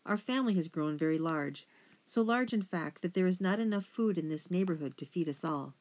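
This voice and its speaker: A woman's voice: fairly low pitch, animated, brisk, darkish tone. A woman voicing a pompous, self-important elderly male mouse who lectures his huge family in an audiobook. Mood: lecturing. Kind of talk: audiobook character reading.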